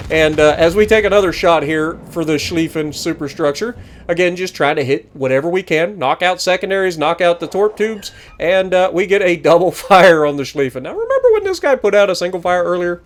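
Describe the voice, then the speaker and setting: A man narrating his own gameplay with a joking, teasing manner. His voice sits a touch high and swings widely in pitch. He sounds lively and entertained throughout. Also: brisk. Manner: animated, joking, teasing opponents. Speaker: gaming channel host. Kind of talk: gameplay commentary.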